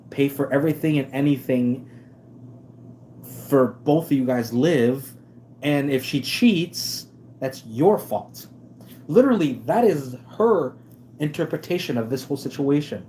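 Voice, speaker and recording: A man with a mellow, warm voice rants on his live stream, sarcastic and emphatic, stumbling over restarts as he goes. Faint noise hums behind him. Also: medium pitch. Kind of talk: casual ranting commentary.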